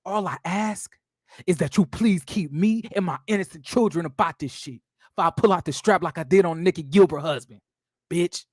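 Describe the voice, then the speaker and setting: A man putting on a deep, mock-serious husband. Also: moderate pace, darkish tone, no echo, clean studio sound. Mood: mock-defensive. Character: cheating husband reading his defensive statement.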